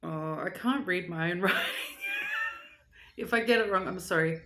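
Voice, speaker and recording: A young woman vlogger chatting casually while reading out viewer shoutouts, playful and rambling. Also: fairly low pitch, moderate pace, noisy background. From Australia. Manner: chatty and playful, with silly asides and rambling tangents.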